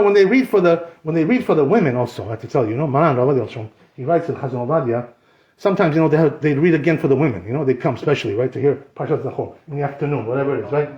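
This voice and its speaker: A man teaching a Torah class as a rabbi, animated and joking, with many rhetorical questions. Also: on the high side. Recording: echoey room, slightly dull.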